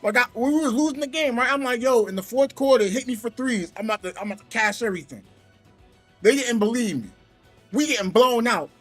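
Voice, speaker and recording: A man streaming from home, telling a gaming story in an animated, exasperated way. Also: very high voice, a little fast, soft background music. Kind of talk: casual livestream rant.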